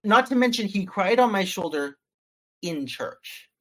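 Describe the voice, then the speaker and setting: A man speaking as an interview guest, recounting a story in a relaxed, chatty way. He slips into other people's voices to act out their lines, which keeps his telling animated. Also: high voice, unhurried. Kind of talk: casual storytelling.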